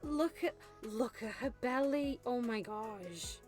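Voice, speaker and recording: A woman's voice: fairly high pitch, slow, darkish tone. A woman chatting casually on a live stream, gushing and laughing often. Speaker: vtuber streamer. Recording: faint background music.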